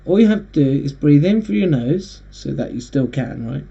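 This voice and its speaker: A man hosting a casual monologue, rambling and halting with frequent restarts. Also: fairly high pitch, animated, creaky, warm tone, slightly rough. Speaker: host. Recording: dull lo-fi recording.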